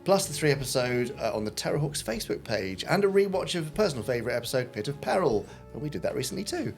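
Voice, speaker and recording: A male co-host in casual podcast chat, reading emails aloud with amused asides. His voice sits at a middle pitch, with faint music in the background. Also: very animated, quick pace. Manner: amused, chatty.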